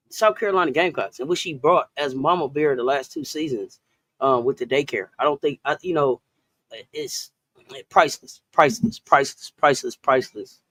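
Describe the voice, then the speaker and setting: A hyped woman hosting a sports talk livestream, calling out her chat viewers by name in a loose, casual way. She speaks close to the mic in a dry room with no echo. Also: low voice.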